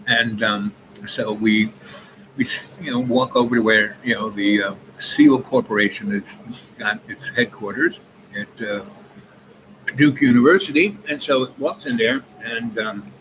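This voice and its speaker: A man's voice: mid-range voice, a little slow. A man in his seventies rambling through a long personal story with many asides. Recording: noisy background ambience.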